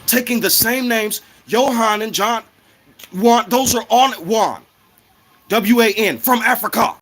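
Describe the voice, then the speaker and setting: A man's voice: very high-pitched, measured pace, a bit bright. A man ranting in a casual, heated, profane monologue, often repeating himself.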